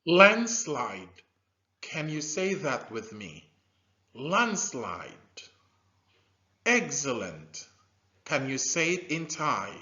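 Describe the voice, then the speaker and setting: A man teaching a scripted science lesson to young learners, slow and animated, with drilled repetition and loud praise. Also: mid-range voice. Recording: dull lo-fi recording.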